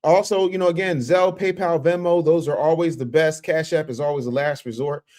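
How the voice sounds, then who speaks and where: A man's voice: a little high, steady tone, fairly quick, a little mellow. A man hosting a live reaction stream, mocking and roasting clips and reading viewer messages in a rowdy casual way. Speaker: livestream host.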